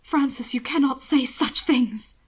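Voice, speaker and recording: A woman's voice: high voice, measured pace, breathy edge, voice pushed up. A woman doing a fragile young man in a trembling whisper. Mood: frightened.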